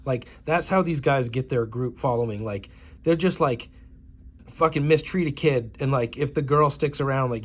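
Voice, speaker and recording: An American YouTuber in his forties delivers a profane, scornful and combative vlog rant. His voice is medium-pitched, at a normal speed.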